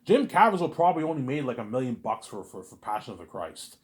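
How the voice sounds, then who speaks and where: Fast-talking animated man rambling. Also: mid-range voice. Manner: animated, repetitive, talks to an imagined listener. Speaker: vlogger. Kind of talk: casual rambling monologue.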